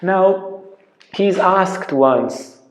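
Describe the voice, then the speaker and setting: A man giving a spiritual lecture as a teacher, telling stories earnestly and dropping to a soft hush at tender moments. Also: high-pitched, animated, extremely slow. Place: ashram lecture room. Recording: roomy, echoey lecture room.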